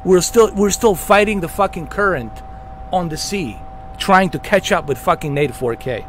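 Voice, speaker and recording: A heated man rants at the camera, swearing constantly and hammering his points over and over. His voice sits high and swings widely in pitch. A faint noise hums under the recording. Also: animated, normal speed, fairly bright tone. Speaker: gaming channel host. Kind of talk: profane rant to camera.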